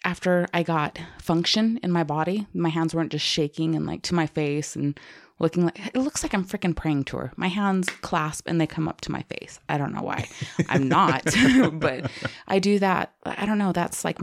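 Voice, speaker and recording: A woman co-host talks through a moving story in loose, casual chat, sometimes teary. Her voice sits a little low and has a gravelly, creaky edge. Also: normal speed. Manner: animated storytelling, tearful and laughing. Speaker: podcast co-host.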